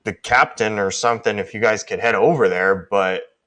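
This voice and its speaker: A man's voice: fairly low pitch, moderate pace, a bit bright, close to an everyday voice. A man doing a cocky ship's chef. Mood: boastful. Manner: rambling, hesitant restarts.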